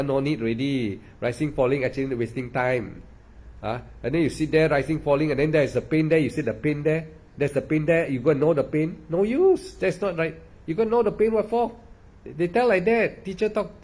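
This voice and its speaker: A man's voice: medium pitch, darkish tone. A man giving a meditation dharma talk, repeating himself and peppering his speech with "ah" and "lah". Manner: repetitive, emphatic, with frequent "ah" and "lah". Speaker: meditation teacher.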